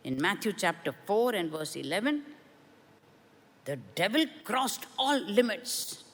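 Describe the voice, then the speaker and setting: A woman preaching a sermon with a personal testimony, earnest and measured, with emphatic rises. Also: mid-range voice, sing-song, big-room sound. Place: church.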